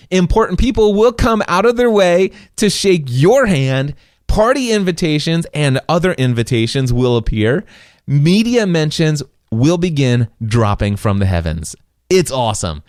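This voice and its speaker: His voice is mid-range and a little mellow as he hosts his own podcast from a small studio. Alone at a studio microphone, he tells stories enthusiastically and performs the quoted lines, and the recording is dry.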